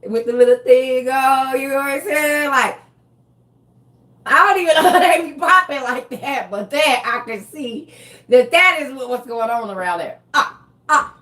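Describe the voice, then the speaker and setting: A woman delivering a comedic monologue in a slangy, animated way, often breaking into laughter. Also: sits high, normal speed. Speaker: comedian vlogger.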